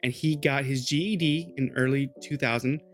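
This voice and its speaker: A man's voice: mid-range voice, steady tone, normal speed, faint music behind. A man co-hosting a podcast, telling a true crime story in a loose, rambling, casual way. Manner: loose, rambling, with lots of "like" and "dude".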